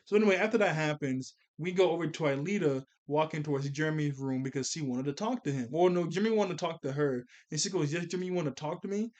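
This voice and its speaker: Animated young man reviewing a cartoon. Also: on the high side, fast talker, few pauses. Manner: animated, slangy, laughs often while recapping. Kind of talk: casual episode recap and review.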